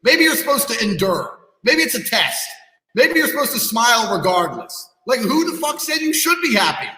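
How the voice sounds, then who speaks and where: A man's voice: very high voice, big pitch swings, normal speed, pushed and bright, a little hiss or hum. A man on a podcast ranting bluntly and profanely, lecturing his listeners. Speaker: podcast guest. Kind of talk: heated podcast rant. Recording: echoey room with long reverb.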